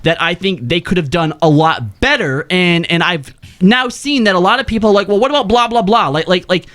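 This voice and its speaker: A man's voice: sits high, brisk, a bit bright. A man hosting a gaming podcast, joking and teasing in casual chat. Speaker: podcast host.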